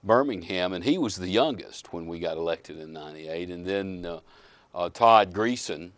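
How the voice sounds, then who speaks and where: A man, a former legislator and ordained minister, talking haltingly in a casual interview. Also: low-pitched, animated, a bit bright, no echo. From Alabama. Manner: halting, with frequent uh fillers.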